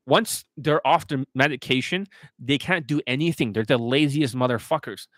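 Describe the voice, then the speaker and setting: A man's voice: fairly high pitch, a bit bright, no echo. A man giving a profane, scornful monologue as a dating coach, ranting aggressively.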